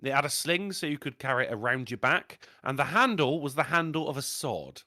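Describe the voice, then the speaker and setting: Speaking fairly quickly in a mid-range voice, this British podcast co-host spins mischievous stories and curses without restraint. The tone is animated and casual, and the dry recording has studio quality.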